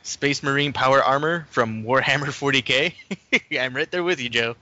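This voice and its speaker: Man, podcast co-host, bright voice, dry dull sound, jokey. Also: medium pitch, moderate pace, dry recording. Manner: joking, laughs often. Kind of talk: casual chat.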